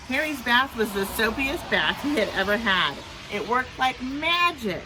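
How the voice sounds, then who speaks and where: A woman teacher reading a picture book aloud to young children outdoors in the rain, in an expressive, sing-song storytelling manner. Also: a little high, a little slow. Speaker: preschool teacher. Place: outdoors in the rain near a road. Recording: traffic noise from passing trucks.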